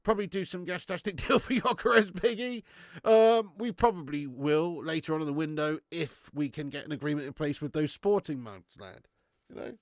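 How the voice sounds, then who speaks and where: Brief: young man hosting a live stream, slangy banter, laughs a lot, somewhat higher voice, stuffed up with a cold, dry close sound, garage setup. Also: moderate pace, dry recording. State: has a cold. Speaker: livestream host. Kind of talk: casual live-stream chat reading comments. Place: home garage.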